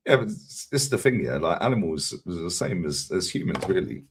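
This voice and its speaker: Low husky man, loud and profane. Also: brisk. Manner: loud, profane, animated storytelling. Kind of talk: casual chat on a live stream.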